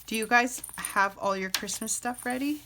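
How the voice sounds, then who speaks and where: A woman's voice: a little high, normal speed, noisy background. A woman in her thirties hosting a casual craft flip-through, rambling and self-deprecating, with plenty of filler words. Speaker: junk journal crafter and channel host.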